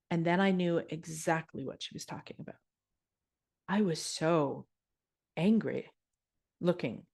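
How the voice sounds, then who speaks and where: A middle-aged woman hosting a yoga podcast, telling a personal story in a candid, casual way with frank asides. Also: lowish voice. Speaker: podcast host and yoga teacher.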